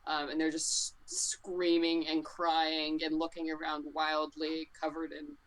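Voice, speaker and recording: A woman narrating as game master in a tabletop game, relaxed and full of fillers. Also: low-pitched, a little slow.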